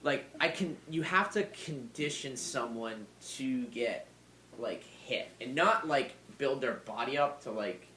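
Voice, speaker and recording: Rambling, bright-voiced man in a roomy space. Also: medium pitch, expressive, measured pace, a little hiss or hum. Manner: rambling, filler-heavy and profane. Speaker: Muay Thai fighter and trainer, podcast guest. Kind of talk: casual podcast chat. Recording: roomy echo.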